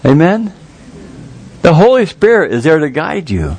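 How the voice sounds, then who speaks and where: A man preaching a sermon in a folksy, earnest way, jumping up in pitch to stress a point. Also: wildly swooping pitch, a little mellow, slightly rough. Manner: folksy, earnest, with quick rises in pitch for emphasis.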